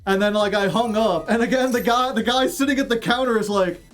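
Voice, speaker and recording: A man streamer telling a story in a casual, animated way, laughing as he goes. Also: high-pitched, a little fast, faint music behind.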